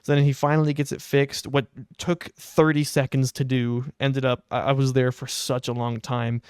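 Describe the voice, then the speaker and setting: A young man co-hosting a podcast, telling a long story in a casual, exasperated, animated way. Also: mid-range voice, normal speed, clean tone, no echo, clean studio sound. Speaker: podcast co-host.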